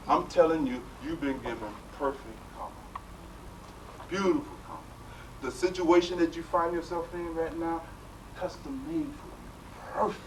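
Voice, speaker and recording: A man leading a spiritual workshop, telling stories animatedly and tossing in rhetorical questions, recorded from a distant mic in a noisy room. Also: medium pitch. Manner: animated storytelling with rhetorical "right?". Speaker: spiritual teacher.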